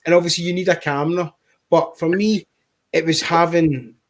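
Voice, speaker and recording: A man chatting casually as a guest on a tech livestream, relaxed and conversational with hedging fillers. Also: on the high side, normal speed. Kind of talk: casual chat.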